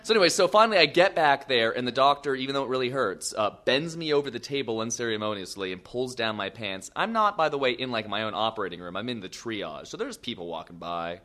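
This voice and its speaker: A young man with a middle-pitched voice tells an embarrassing tale to a crowd. He is self-mocking and animated, breaking off for quick asides. His delivery is loose, personal and comic. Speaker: storyteller. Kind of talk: live comic storytelling.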